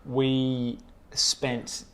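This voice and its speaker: A man's voice: medium pitch, monotone, very slow. A man, telling stories in a loose, rambling casual chat and swearing often. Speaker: guest.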